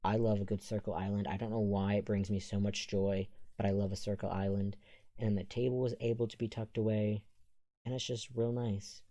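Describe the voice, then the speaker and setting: Male voiceover creator, low voice, rambling casual chat, dry recording. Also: flat delivery, fairly quick, mellow, dry recording. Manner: rambling, digressive, chatty. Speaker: Sims speed-build creator.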